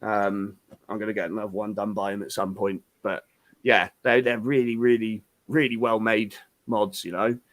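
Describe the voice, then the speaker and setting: A man's voice: lowish voice, flat delivery, normal speed, no room sound. Casual man, panel regular, rambling, sweary banter, dry close mic. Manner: rambling, sweary, lots of ums and likes. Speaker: panel regular on a vaping show.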